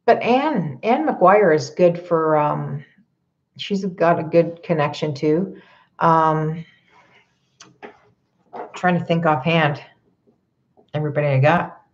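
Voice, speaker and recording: A woman's voice: low-pitched, takes it slowly, long pauses, lo-fi sound. A woman healer doing a live card reading, advising viewers in a conversational way, often checking in with "okay?" and laughing lightly. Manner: laughs lightly between points.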